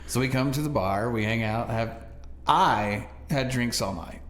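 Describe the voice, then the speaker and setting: A man co-hosting a podcast, telling a story in casual chat with animated delivery and frequent laughter. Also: mid-range voice, unhurried. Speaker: podcast co-host. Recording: echoey room, faint noise.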